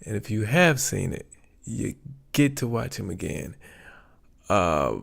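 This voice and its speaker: A man hosting his livestream in a relaxed, rambling way, often pausing to search for words. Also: lowish voice, vocal fry. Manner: rambling, chatty, searches for words with many ums. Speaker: YouTube livestream host. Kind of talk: casual livestream chat.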